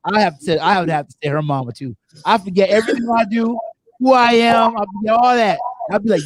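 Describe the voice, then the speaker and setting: A man hosting a casual panel talk show, animated and laughing, repeating phrases for effect. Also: sits high, fast talker, no echo.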